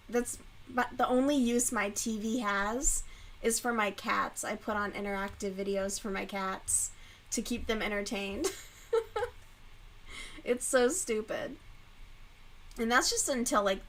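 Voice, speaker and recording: A young woman hosting a casual live stream while she crochets, rambling and swearing freely, and getting loud and animated when she rants. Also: mid-range voice, rough recording. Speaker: livestream host.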